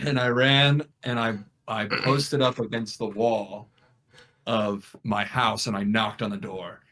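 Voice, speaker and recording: This young podcast co-host talks slowly in a fairly low voice, telling a story casually with his friends. He gets animated, acting out people's words.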